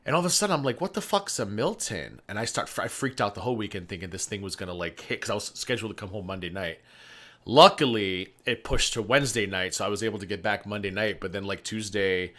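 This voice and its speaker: On a casual stream, a male guest with a lowish, slightly bright voice chats and rambles his way through profane anecdotes, telling stories in a relaxed way.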